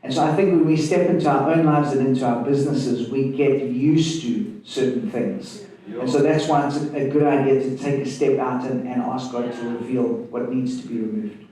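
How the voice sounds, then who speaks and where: A man speaking on a panel at a conference, measured and reflective as he gives advice. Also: mid-range voice, dark tone, distant mic. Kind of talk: panel discussion. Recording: echoey hall, voice from off the mic.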